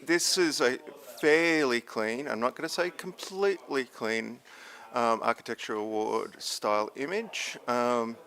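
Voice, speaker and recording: Man photo judge, easygoing and wry, bright sharp voice. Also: medium pitch, unhurried. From Tasmania, Australia. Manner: dry, joking, easygoing. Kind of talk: casual self-introduction and critique. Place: judging room.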